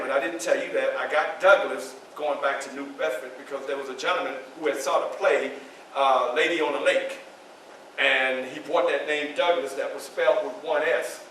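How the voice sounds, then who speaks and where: A historical reenactor portrays Frederick Douglass, the proud, spirited orator and statesman, telling his story in the first person and animatedly turning to speak straight to the audience. His voice is high and bright. He sounds distant in a very echoey indoor library event room, with a faint hiss in the background.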